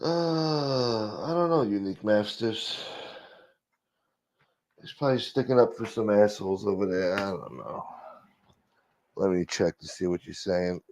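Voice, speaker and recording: A man's voice: on the low side, animated, unhurried, pauses often, a little mellow, no echo. A man hosting a late-night livestream, brash and profane as he talks straight to his chat at home. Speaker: livestream host. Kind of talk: casual chat. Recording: dull lo-fi stream audio.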